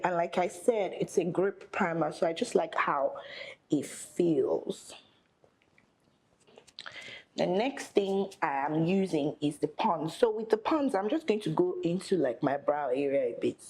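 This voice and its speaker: Low-voiced chatty woman. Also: expressive, moderate pace, a little mellow, poor audio. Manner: chatty, thinking aloud while applying makeup. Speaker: makeup artist vlogger. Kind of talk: casual get-ready-with-me chat.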